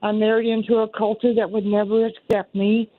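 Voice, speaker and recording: A woman's voice: mid-range voice, flat delivery, a little fast, no room sound. A woman in her sixties with a Southern accent, calling in to a radio show and telling her story in an earnest, rambling way, often repeating herself. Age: 60s. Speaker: caller. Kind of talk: call-in radio talk. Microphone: telephone. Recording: tinny phone line.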